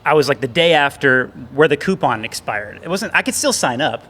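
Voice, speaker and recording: Recorded in a gym, a male co-host of a casual talk show keeps restarting a rambling story that pokes fun at himself. His mid-range voice is expressive and sharp-toned, and he moves at a fairly quick clip.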